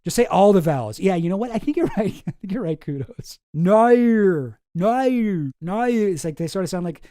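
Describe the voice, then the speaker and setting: A man's voice: sits high, expressive, fast talker, mellow, no room sound, studio quality. A man hosting a commentary channel, talking in a casual, rambling, sarcastic way and swearing often.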